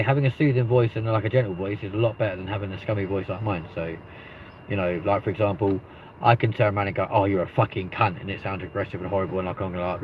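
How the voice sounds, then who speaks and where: A man with a London accent hosting a live stream, chatting casually in rambling banter and swearing freely. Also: lowish voice. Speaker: livestream host. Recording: muffled lo-fi with faint noise.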